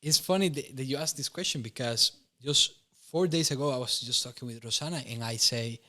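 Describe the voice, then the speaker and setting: A man's voice: medium pitch, fairly quick, sharp tone. A young man from Costa Rica with a Costa Rican Spanish accent, telling his personal testimony in an interview, earnest and often laughing, correcting himself mid-sentence. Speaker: interview guest.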